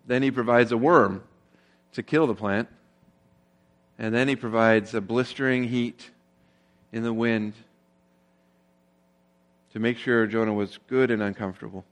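A man's voice: mid-range voice, steady tone, measured pace, long pauses. Man preaching a conversational sermon. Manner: conversational preaching with rhetorical questions; grows more emphatic when stressing a point. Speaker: pastor.

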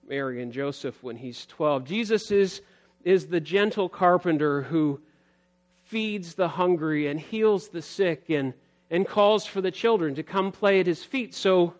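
Earnest man preaching a sermon. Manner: earnest, builds emphasis then drops low, reads scripture aloud. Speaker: pastor.

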